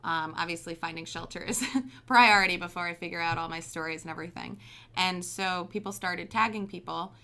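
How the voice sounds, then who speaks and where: A woman's voice: lowish voice, steady tone, brisk, bright, forceful tone. A young woman telling stories as an interview guest, chatty, with many ums and likes. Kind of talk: casual storytelling interview.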